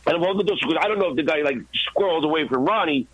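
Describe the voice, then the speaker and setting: A man, a guest and former radio intern, telling an animated, profane story in a podcast interview. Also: on the high side, very fast, husky, dry recording, poor audio. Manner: profane, excited, acts out his own shouts.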